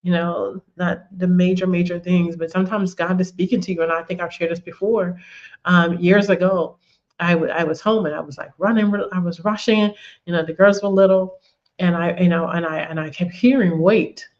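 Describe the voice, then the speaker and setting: A woman's voice: lowish voice, steady tone, brisk, a little mellow, muffled recording. A woman giving a conversational faith teaching, telling personal stories, repeating words and often saying "you know". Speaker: women's ministry teacher.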